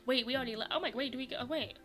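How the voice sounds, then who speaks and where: A woman with a fairly high voice plays through a story game at home, reading lines aloud between gushing reactions. She cheers, giggles and rambles with lots of restarts and self-mockery. Faint music runs quietly underneath. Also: very fast. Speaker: streamer playing a visual novel.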